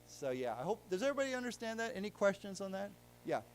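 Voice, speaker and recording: A man's voice: sits high, big pitch swings, fast, a little hiss or hum. A man teaching a live English vocabulary class, explaining words in plain terms and having the room repeat them after him. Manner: explains patiently in plain terms, checking understanding. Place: library lecture room with a live audience.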